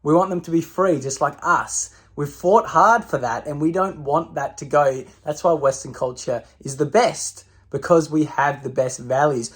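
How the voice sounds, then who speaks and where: A man's voice: a little high, moderate pace, hardly any pauses, slightly rough. An Australian man hosting his own vlog channel, talking bluntly in a loose, ranting way with plenty of swearing and ums. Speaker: channel host. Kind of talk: casual opinion vlog.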